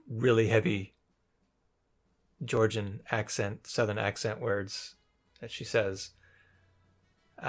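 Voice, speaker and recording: A man's voice: medium pitch, creaky. A young man casually commentating his own gameplay after the fact, thinking aloud in a rambling, hesitant way with many restarts. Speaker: let's play commentator.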